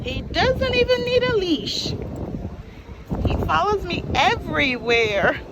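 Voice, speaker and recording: A woman's voice: very high voice, very animated, slow pace, muffled recording, background noise. A young woman vlogger talking to her new puppy, coaxing and praising him in affectionate baby talk.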